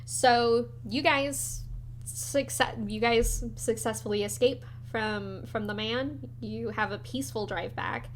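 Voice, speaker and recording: Animated woman running a tabletop game. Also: fairly high pitch, slow, a little hiss or hum. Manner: animated storytelling, swearing. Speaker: game master.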